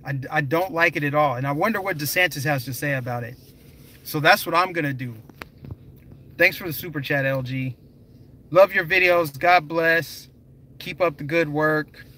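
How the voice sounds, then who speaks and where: A man's voice: on the high side, moderate pace, pushed and bright, a little hiss or hum, rough recording. A young man live streaming, talking emphatically and directly to his viewers in a conversational way. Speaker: political vlogger.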